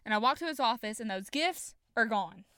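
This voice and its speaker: A woman's voice: fairly high pitch, a little fast, smooth, dry recording, studio quality. A young woman telling a personal story to listeners, acting out the lines she quotes. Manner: animated, acts out quoted lines. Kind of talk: personal anecdote told to listeners.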